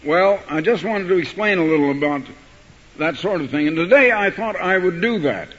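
A man preaching a sermon, telling a story and reading scripture, building to forceful emphasis on key words. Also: high voice, animated, normal speed. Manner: rising to forceful emphasis when quoting scripture. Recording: dull archival recording in a hall.

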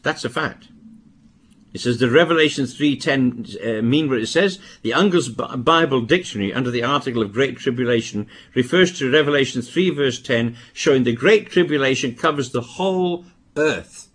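An older man from Britain preaching a sermon, with emphatic bursts and quieter asides. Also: medium pitch, normal speed, breathy edge. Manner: emphatic, rising to stress warnings, then dropping to asides.

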